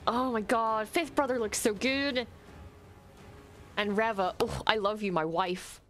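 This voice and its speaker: A young woman streamer reacting to an episode, talking quietly and gushing with excitement, with plenty of swearing. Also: mid-range voice, a little slow, faint music behind. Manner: hushed, gushing and swearing freely.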